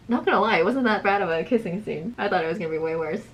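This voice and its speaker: A woman's voice: medium pitch, racing. A young woman casually reading her teenage writing aloud and mocking it with giggles and commentary. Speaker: youtuber.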